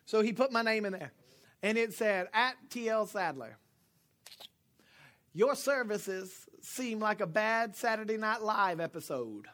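High, bright-voiced joking pastor. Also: male voice, expressive, unhurried. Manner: joking, conversational preaching that rises to shouts. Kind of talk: sermon.

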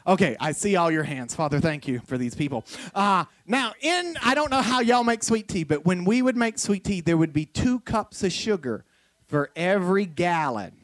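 A man's voice: sits high, big pitch swings, moderate pace, a bit bright, dry recording. A man preaching a sermon as pastor, in a loose conversational way full of jokes and family stories. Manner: conversational, joking storyteller. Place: church.

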